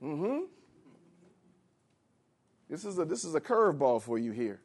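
High-voiced man preaching with lively emphasis. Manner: emphatic, rising to shouts; reads scripture slowly and explains it in plain words. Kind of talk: sermon.

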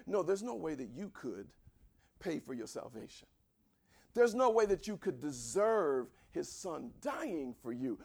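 High, lively preaching man. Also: gravelly, husky. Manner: swings from quiet asides to shouted, drawn-out preaching; leads the congregation in reading scripture aloud. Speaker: pastor. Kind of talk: sermon.

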